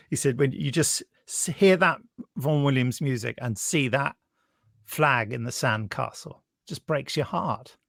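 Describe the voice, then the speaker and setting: A man's voice: mid-range voice, vocal fry, no room sound, clean studio sound. A British man co-hosting a podcast, talking casually and with animation. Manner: chatty, animated, laughs while talking. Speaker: podcast co-host. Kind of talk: casual chat.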